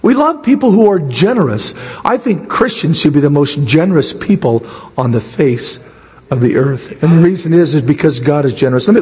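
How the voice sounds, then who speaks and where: A pastor preaching a sermon with a hoarse, raspy voice. He builds toward near shouts at his high points. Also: long reverb tail.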